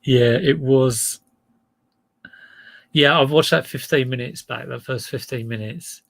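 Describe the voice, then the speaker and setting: A man's voice: medium pitch, measured pace, gravelly. A middle-aged man chatting casually on a livestream as a reseller, rambling and self-deprecating.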